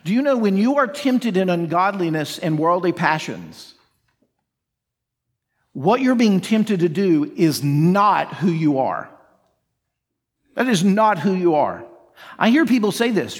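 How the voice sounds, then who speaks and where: A male pastor with a notably high voice delivers an earnest sermon, firing rhetorical questions at his listeners and slipping into imagined inner voices. His words ring out with a long reverb through a church hall. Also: sing-song, a little slow, long pauses, breathy edge. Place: church sanctuary.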